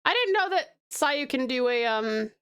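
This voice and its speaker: A woman's voice: high voice, lively intonation, a little slow, a bit bright, clean tone. A young Australian woman chatting casually with her live chat while drawing, swearing freely and laughing often. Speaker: VTuber streamer.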